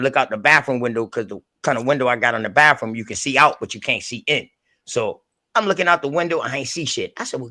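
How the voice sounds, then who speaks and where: A man's voice: mid-range voice, pushed and bright. A man hosting an online group call, telling a story in casual, profane street talk and acting out the voices of the people in it.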